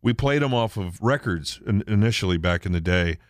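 A man's voice: fairly low pitch, lively intonation, brisk, no echo, clean studio sound. A middle-aged man hosting a radio show, chatting casually and reminiscing. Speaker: radio host.

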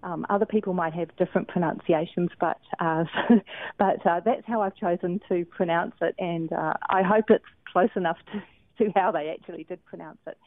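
A woman guest author on a radio show, explaining things in a gentle, careful way. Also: fairly low pitch, fairly even intonation, normal speed, no room sound. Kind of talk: on-air conversation. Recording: tinny phone line.

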